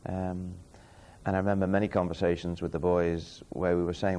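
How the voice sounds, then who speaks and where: Deep mellow voiced ex-player, thoughtful and measured. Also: male voice, little pitch movement. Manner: measured, reflective. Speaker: former player. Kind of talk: documentary interview.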